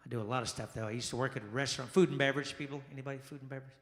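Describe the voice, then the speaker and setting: A male stand-up comedian performing a lively set, exclaiming and acting out the people in his stories. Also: mid-range voice, racing. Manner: animated, exclamatory, acts out quoted people. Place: jazz lounge stage. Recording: echoey lounge with long reverb.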